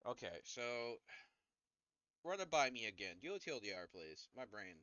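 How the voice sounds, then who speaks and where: A man with a fairly low voice runs a tabletop game, giving rulings in a relaxed, plain way. His voice comes through a dull, lo-fi microphone with a dry, close sound. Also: normal speed, no echo. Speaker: game master. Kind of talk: running a tabletop game over voice chat.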